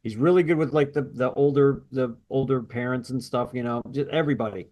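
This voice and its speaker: A man's voice: medium pitch, a little fast, darkish tone. A man co-hosting a podcast, chatting casually and telling stories with quoted asides. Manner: rambling, storytelling with quoted asides. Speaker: podcast co-host. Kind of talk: casual chat.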